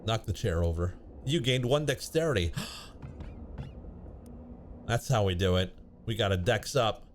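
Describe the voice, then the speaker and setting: Playful, lively-voiced male game streamer. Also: lowish voice, measured pace, long pauses, a little hiss or hum. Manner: playful, reads game text aloud. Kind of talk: casual let's-play commentary.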